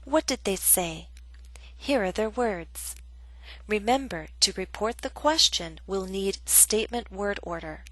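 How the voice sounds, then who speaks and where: A woman reading a scripted English grammar lesson, speaking slowly and clearly with careful, deliberate emphasis. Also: medium pitch, lively intonation, a bit bright, no echo, poor audio. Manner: slow, deliberate, clearly enunciated. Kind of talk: scripted instructional narration.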